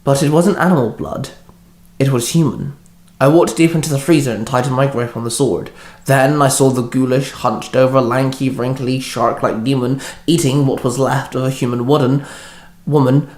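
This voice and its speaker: A man narrating a first-person fanfic story with steady, plain reading. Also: medium pitch, normal speed. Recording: echoey room.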